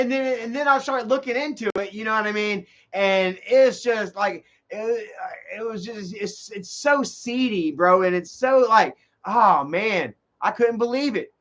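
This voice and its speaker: A man with a very high voice delivers a heated, profanity-laced rant, rambling and restarting his sentences. The recording is muffled and lo-fi. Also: fairly bright tone. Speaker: vlogger. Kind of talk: profane ranting monologue. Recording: dull lo-fi recording.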